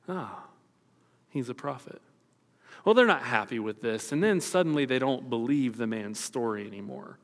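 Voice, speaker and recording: Animated pastor preaching in a hall. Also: male voice, on the high side. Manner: storytelling, acting out the quoted voices. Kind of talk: sermon.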